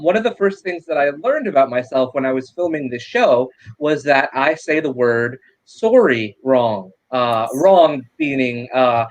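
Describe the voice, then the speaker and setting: A man from upstate New York chatting casually as an actor guest, telling animated stories. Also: medium pitch, highs cut off. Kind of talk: casual chat.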